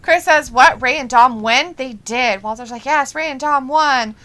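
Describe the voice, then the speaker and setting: Giggly woman reading chat on a live stream, bright clear voice. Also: sits high. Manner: giggly, reads chat messages in quick bursts. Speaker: co-host of a live watch-along show. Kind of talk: casual chat, reading out viewer comments.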